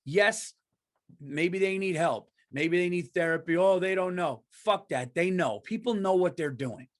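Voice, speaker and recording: A man with a notably high speaking voice rants on his podcast. He is worked up and emphatic, swearing freely as he hammers his points home. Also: unhurried. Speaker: podcast host. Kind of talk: heated comedic rant.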